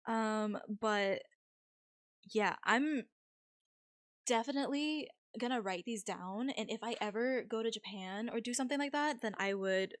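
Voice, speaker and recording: A woman's voice: fairly high pitch, measured pace, no echo, clean studio sound. A young woman streamer chatting casually with her viewers, rambling with lots of fillers and frequent laughs.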